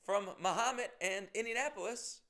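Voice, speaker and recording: A man's voice: sits high, moderate pace, bright, forceful tone, pitched above the performer's own voice. A man voicing a friendly middle-aged female fan who is eagerly greeting a comedian.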